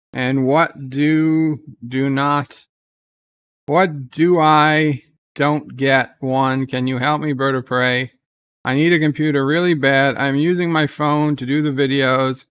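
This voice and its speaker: A man's voice: mid-range voice, fairly bright tone, smooth, no echo. A man hosting a casual livestream, reading viewer comments aloud and answering them in a loose, rambling way with many "uh"s. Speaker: livestream host.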